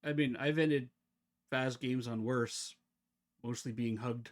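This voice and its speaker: A man live-streaming a game, chatting casually with his viewers as he plays, talking fast and slurring his words together. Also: mid-range voice, steady tone. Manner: chatty, talks to chat while fiddling with settings. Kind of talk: casual live-stream chat while gaming.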